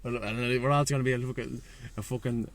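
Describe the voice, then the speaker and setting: A man's voice: medium pitch, steady tone, quick pace. Fired-up Dublin man swearing freely. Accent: Irish, Dublin. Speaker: guest, breathwork and sea-swim facilitator. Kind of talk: casual chat.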